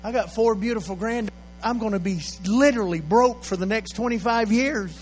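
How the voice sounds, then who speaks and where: An older man, preaching a sermon that swings from quiet storytelling to loud, shouted exhortation. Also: high voice, fairly quick, faint music behind. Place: church sanctuary. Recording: echoey hall with faint mains hum.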